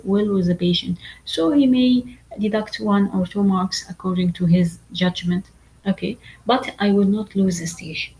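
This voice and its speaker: A woman whose first language is Arabic, lecturing medical exam candidates in a halting, repetitive way, full of fillers and asking "okay?" often. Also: on the low side, a little mellow, slight background noise, rough recording. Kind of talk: online lecture.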